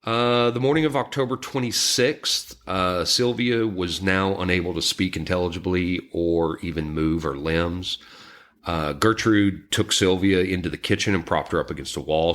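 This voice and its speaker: A man with a low voice narrates a true crime case for a podcast. He speaks somberly and haltingly, pausing on ums and restarting his sentences. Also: a bit bright. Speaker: podcast co-host. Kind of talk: recounting a true crime story.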